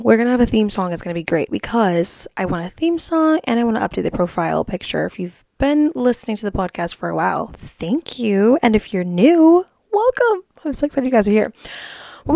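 A woman's voice: medium pitch, creaky, darkish tone, no room sound. Woman, podcast host, casual chat, bubbly, rambling, dry recording.

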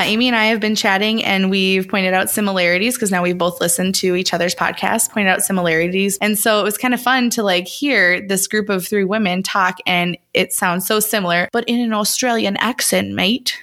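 A woman's voice: medium pitch, steady tone, a little fast, hardly any pauses, a bit bright. A woman in her thirties co-hosting a podcast, chatting casually and correcting herself as she rambles along. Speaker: podcast co-host. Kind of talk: casual chat.

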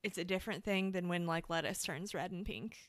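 A woman's voice: lowish voice, brisk, no echo, clean studio sound. A woman co-hosting a podcast, explaining things in a chatty way with lots of fillers. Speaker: podcast co-host. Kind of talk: casual chat.

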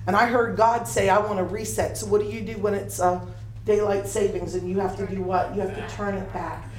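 An older woman preaching a sermon, telling lively stories with laughter in a preaching cadence. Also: mid-range voice, brisk. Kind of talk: sermon with storytelling. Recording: echoey room picked up from a distance.

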